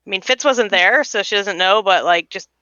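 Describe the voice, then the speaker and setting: A woman player chats casually in a bright, crisp voice, filling her sentences with "like". The audio is dry and slightly dull, like an online call. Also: mid-range voice, moderate pace, no echo. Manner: chatty, many "like"s. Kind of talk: casual tabletop chat.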